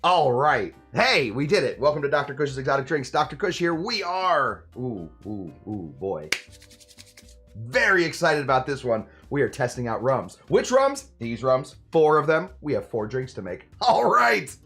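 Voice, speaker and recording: A man in his forties, a bartender hosting a casual livestream, chatting with viewers in a lively way and stumbling over a tricky word. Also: medium pitch, moderate pace, breathy edge, faint music behind. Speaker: host and bartender. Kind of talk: casual livestream chat reading viewer comments.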